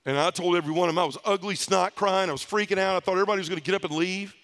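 A man giving a personal testimony at a men's conference, a lively storyteller who acts out the voices of the people in his story. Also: high-pitched, rapid-fire. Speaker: conference speaker.

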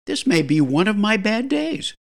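A man's voice: sits high, sing-song, moderate pace, creaky, pitched above the performer's own voice, full character voice. A man reading the part of an anxious, lovestruck young male golfer who speaks passionately and quaveringly.

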